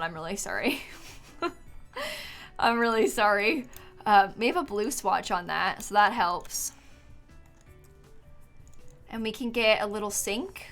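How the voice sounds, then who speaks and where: A woman's voice: mid-range voice, fairly bright tone. A woman streamer chatting casually while she builds in a game, thinking aloud with lots of fillers and frequent giggles, and yawning now and then. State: yawning, tired.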